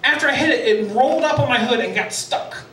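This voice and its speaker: A man's voice: extremely high pitch, fast, pushed and bright, a little hiss or hum. A man doing a self-deprecating stand-up comedy set as emcee on a sports bar stage, laughing at his own jokes. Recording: echoey bar from a distance.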